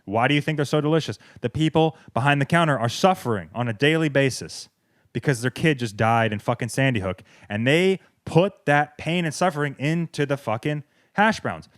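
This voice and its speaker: A podcast host from the American South rants sarcastically and swears heavily in a comedic tirade. His mid-range voice is brisk, captured on a wireless clip-on mic with a dry, clean studio sound.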